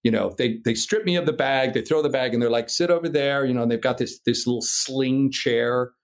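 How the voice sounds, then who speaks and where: A man from Minnesota, a paraglider pilot and podcast guest, telling a story in a casual, animated way, swearing freely and imitating sounds. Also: mid-range voice, a little fast, vocal fry. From Minnesota, USA.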